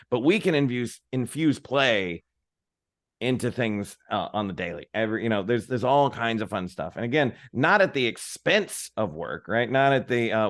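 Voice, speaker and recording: A man facilitating an interactive virtual workshop over a video call, upbeat and encouraging, often checking in with the group. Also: mid-range voice. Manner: upbeat, encouraging, peppered with "right?".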